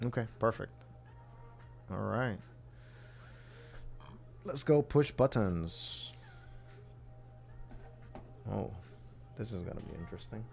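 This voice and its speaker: A man's voice: fairly low pitch, lively intonation, takes it slowly, creaky, pauses often, faint music behind. A man from the southern United States chatting casually on a livestream while building a phone kit, rambling and thinking aloud as he works.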